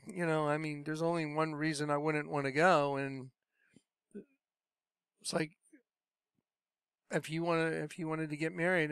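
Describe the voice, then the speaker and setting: A middle-aged male preacher with a high, smooth voice talks earnestly, moving from urgent exhortation to soft, confiding storytelling. The sound is close and dry, with no room around it. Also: no echo. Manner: earnest, conversational, drops to soft low voice when recalling. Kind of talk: personal testimony sermon.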